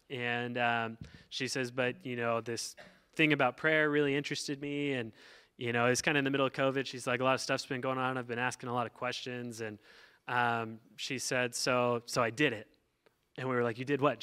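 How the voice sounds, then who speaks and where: Smooth-voiced pastor, flat, chatty delivery. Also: male voice, mid-range voice. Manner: conversational storytelling with frequent ums and restarts. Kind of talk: sermon.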